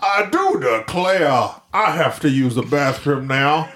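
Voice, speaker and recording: A fussy genteel Southerner pronounces every small thing with mock formality, as a man puts him on. The voice rides high and swings widely in pitch. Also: expressive, takes it slowly, a bit bright, echoey room, a little hiss or hum.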